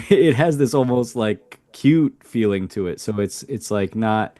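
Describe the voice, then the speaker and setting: A man co-hosts a language lesson in a relaxed, hesitant manner, thinking aloud as he explains. His voice sits on the low side. The recording is dry and close, with no room sound. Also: a little slow, dry recording. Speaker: native English-speaking co-host. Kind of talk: casual conversational explanation.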